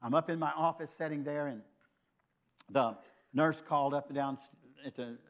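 A man's voice: a little high, moderate pace, fairly bright tone. An older man preaching a sermon, telling a personal story in an earnest, conversational way.

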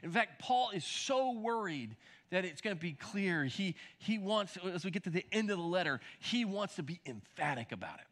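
A man's voice: sits high, sing-song, normal speed, fairly bright tone. A middle-aged male pastor preaching a sermon in a conversational style, with restarts and asides to the congregation.

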